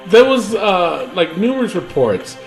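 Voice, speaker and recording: A man's voice: sits high, sing-song, unhurried, creaky, soft background music. A man co-hosting a wrestling podcast, ranting casually with lots of fillers and profanity. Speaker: podcast co-host.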